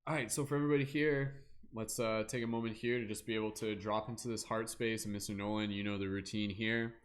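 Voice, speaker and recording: A man hosts a casual tarot-reading stream, drifting along with fillers and little hummed "da da da" sounds in the pauses. His voice is fairly low, with intonation that stays fairly even.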